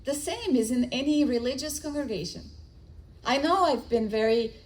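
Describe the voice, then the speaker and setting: A middle-aged woman with a high voice gives a spiritist lecture at a moderate pace, telling stories animatedly and acting out the dialogue. She restarts her sentences often, and the recording is low quality.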